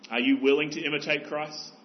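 Earnest preaching pastor, dull recording. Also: male voice, a little high, level tone, brisk. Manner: earnest, exhorting, rhetorical questions. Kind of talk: sermon.

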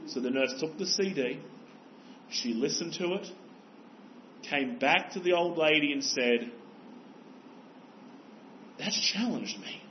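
A man's voice: a little high, a little slow, long pauses, dull audio, slight background noise. A man preaching a sermon as pastor, earnest and exhorting, pressing his listeners with rhetorical questions.

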